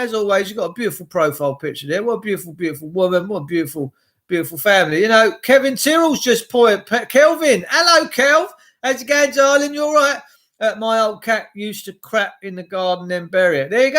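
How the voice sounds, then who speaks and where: This is a man with a fairly high voice, chatting on a live stream in a loose, meandering way. He greets viewers one by one, swears freely and wanders off on tangents as he reads their comments. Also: brisk, a bit bright. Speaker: livestream host. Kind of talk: rambling live-stream chat.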